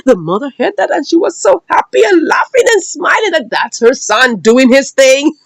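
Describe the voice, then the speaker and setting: A woman recaps a drama episode with dramatic flair, laughing and acting out the lines. Her voice is high and swoops widely from phrase to phrase, in a close, dry sound. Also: sing-song, moderate pace, no echo. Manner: dramatic, laughing, acts out the quotes. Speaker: series reviewer.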